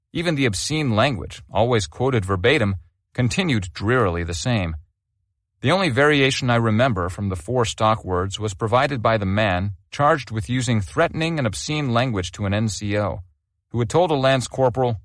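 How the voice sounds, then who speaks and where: A man narrating a memoir audiobook with expressive storytelling. His pitch moves a great deal through each sentence. The sound is close and dry, with no room around it. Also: dry recording. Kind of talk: scripted memoir reading.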